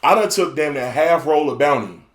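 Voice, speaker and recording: A man's voice: a little high, moderate pace, roomy sound. A man telling a crude story on a podcast. He talks loosely and casually and keeps filling in with phrases like "you know.". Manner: crude, loose and lively, with many fillers like "you know what I'm saying". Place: podcast studio.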